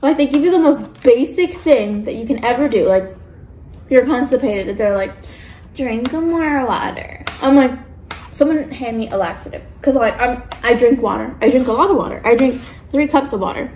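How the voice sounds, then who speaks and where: A young woman vlogging casually as she eats, chatting in an animated way and acting out the voices in her stories. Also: fairly high pitch, brisk, slight background noise. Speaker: mukbang vlogger. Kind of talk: casual chat while eating. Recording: echoey room.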